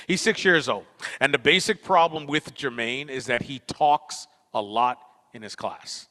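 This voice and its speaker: Brief: a male keynote speaker, bright tone, joking and playful, recorded in a reverberant auditorium. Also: medium pitch. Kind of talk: storytelling conference talk. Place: university auditorium.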